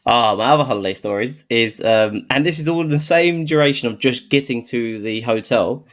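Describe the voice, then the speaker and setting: A man's voice: medium pitch, fairly quick. A man co-hosting a podcast, telling holiday anecdotes in an easygoing way and laughing through them. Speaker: podcast co-host. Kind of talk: casual storytelling chat.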